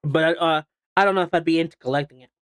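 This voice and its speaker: A man's voice: a little high, steady tone, fast, fairly bright tone, smooth, dry recording, studio quality. A man streaming and chatting casually while eating, rambling with lots of fillers and restarts. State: hiccuping.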